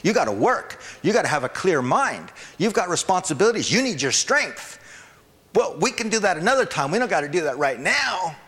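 A man voicing the whiny, nagging inner voice of his own flesh, protesting and pleading in a raised pitch. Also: big pitch swings, brisk, fairly bright tone, big-room sound.

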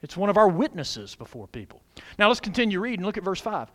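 A middle-aged man preaching a sermon, putting questions to the congregation and answering them, swinging between loud exclamations and quiet asides. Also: high-pitched, sing-song, fast. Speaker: pastor.

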